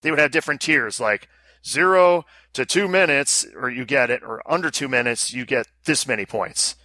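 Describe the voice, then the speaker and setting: A man's voice: medium pitch, moderate pace, sharp tone, no echo. A man co-hosting a podcast, chatting casually and explaining things at length, often repeating words as he goes. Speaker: podcast co-host. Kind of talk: casual chat.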